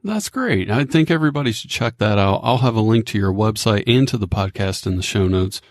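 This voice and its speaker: A man's voice: on the low side, lively intonation, brisk, no room sound. A man hosting a podcast, asking his guest questions in a joking, upbeat way. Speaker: podcast host. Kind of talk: casual interview.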